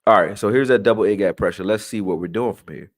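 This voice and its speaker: A man with a somewhat low voice talks through game clips for his channel in a loose, slangy way, full of fillers and restarts. He sounds tired and yawns, yet keeps up a casual running commentary. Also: fast. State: tired, yawning. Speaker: sports channel host breaking down game film. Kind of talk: casual live film breakdown.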